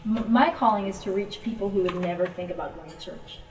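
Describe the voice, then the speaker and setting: A woman's voice: mid-range voice, brisk, a little hiss or hum. A woman missionary speaker giving an informal talk to a church group, telling her stories and acting out the voices of her friends. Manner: storytelling, animated when quoting friends. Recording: roomy, from a distance.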